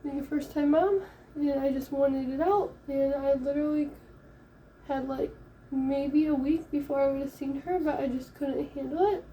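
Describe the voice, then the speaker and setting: A young woman from Michigan, a first-time mom, casually telling a story in a chatty, animated way, acting out the voices of the people in it. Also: sits high, moderate pace, distant mic, a little hiss or hum. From Michigan, USA. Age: young adult. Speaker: vlogger. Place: home, late at night.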